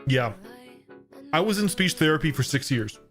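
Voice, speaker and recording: A man's voice: fairly high pitch, animated, normal speed, fairly bright tone, faint music behind. An American man streaming a game, chatting casually in a throaty, thick, slightly slurred voice with lots of restarts and self-deprecating asides. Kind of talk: casual chat while gaming. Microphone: studio microphone.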